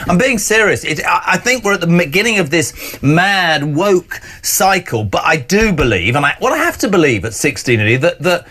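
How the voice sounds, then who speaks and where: A male presenter with a notably high voice, holding forth on a panel discussion. He rants with heated conviction and drops in sarcastic asides. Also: lively intonation, fairly quick, a bit bright. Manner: impassioned, sarcastic ranting. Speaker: talk show presenter.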